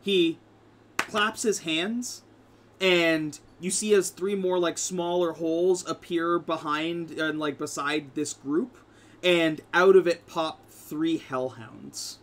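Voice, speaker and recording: A man's voice: a little high, steady tone, slow pace, a bit bright. A man narrating a tabletop game as game master, rambling with lots of fillers.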